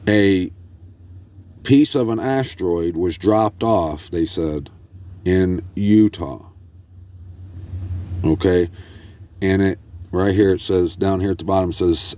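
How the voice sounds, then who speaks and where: A man hosting a religious commentary video, reading news articles aloud with frequent restarts and halting phrasing. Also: sits low, warm tone. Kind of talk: casual scripture commentary.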